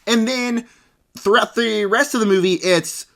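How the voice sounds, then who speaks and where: A man's voice: sits high, unhurried, creaky, a bit bright. A man ranting through a casual movie review with a sarcastic, exaggerated delivery.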